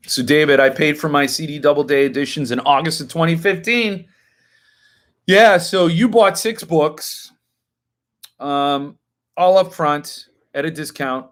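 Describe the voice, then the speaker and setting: A man's voice: medium pitch, a bit bright. A man in his fifties hosting a live stream, chatting casually as he answers viewers' comments and now and then flaring into indignant rants.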